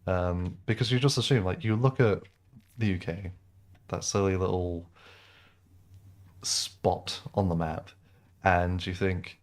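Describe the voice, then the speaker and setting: A man's voice: deep voice, steady tone, takes it slowly, long pauses. A man chatting casually as he streams a game, rambling with lots of ums and likes. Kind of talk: casual gameplay commentary.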